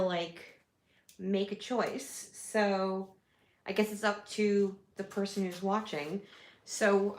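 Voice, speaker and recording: Stuffy nosed woman rambling thru a craft livestream, roomy echo. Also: mid-range voice. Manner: chatty, rambling, self-correcting. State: nasal from a cold. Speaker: scrapbooking livestream host. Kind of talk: casual live-stream chat.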